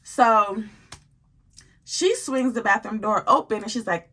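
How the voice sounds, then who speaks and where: A woman telling a story to her viewers in a casual, animated way, full of slang and swearing. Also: fairly high pitch, normal speed, husky.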